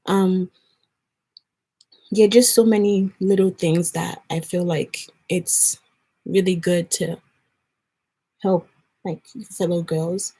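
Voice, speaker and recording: A young Nigerian vlogger chats earnestly to the camera while getting ready, telling a story. Her voice is fairly low, dark, breathy-edged and fairly even, with a slow pace, frequent pauses, and lots of "likes" and restarts.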